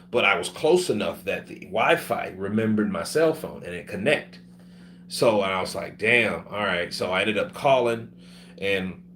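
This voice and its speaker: A man with a fairly low voice tells his story casually and swears freely. He is sick, and he acts out the people he talks about. A faint hum runs behind him. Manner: profane, animated, acts out other people's voices. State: sick with covid. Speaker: vlogger telling his travel story.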